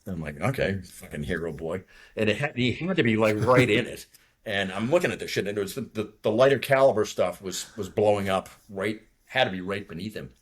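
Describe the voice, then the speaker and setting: A man in his sixties from near Boston recounts a combat mission in loose, profane podcast talk. His voice sits very low and has a husky grain, and he rambles on from one detail to the next. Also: expressive. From from near Boston, USA. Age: 60s. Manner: rambling, profane, talks fast when nervous. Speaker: guest, retired fighter pilot. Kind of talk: casual war story telling.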